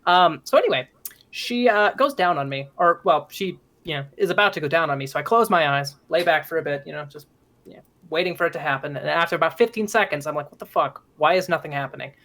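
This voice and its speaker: A man's voice: fairly high pitch, animated, fast talker, pushed and bright. A young man from Minnesota with a light Minnesotan accent, casually telling a profane, joking story in a chat. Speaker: guest.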